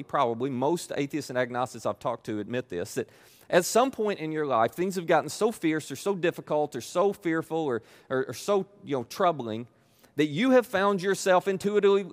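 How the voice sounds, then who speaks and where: Male pastor, conversational sermon delivery, lively, slightly higher voice. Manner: conversational, animated, acts out quoted pleas.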